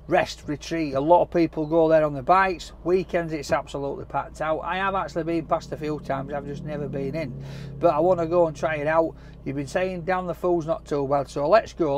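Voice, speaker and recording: Chatty Yorkshire man driving, road noise. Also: a little high. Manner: jokey, chatty, talks to the camera. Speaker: food vlogger host. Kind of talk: casual vlog chat while driving. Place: inside a car on country roads. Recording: road noise from a moving car.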